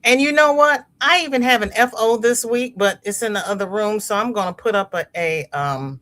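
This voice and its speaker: With a mid-range, slightly bright voice and a moderate pace, this livestream host reads viewer comments aloud during a casual crochet stream. She laughs often and repeats words along the way.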